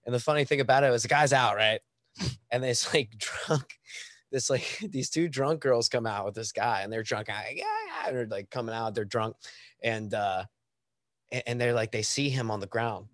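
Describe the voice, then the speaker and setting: A man, a guest musician, telling a bar story in casual podcast chat, animated and laughing often. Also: mid-range voice, moderate pace, no echo, clean studio sound.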